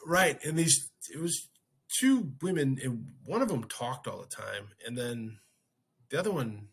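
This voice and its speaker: A man's voice: medium pitch, expressive, measured pace, creaky, fairly bright tone, breathy edge. A man hosting a podcast, casually telling a story and acting out his own reactions. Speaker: podcast host.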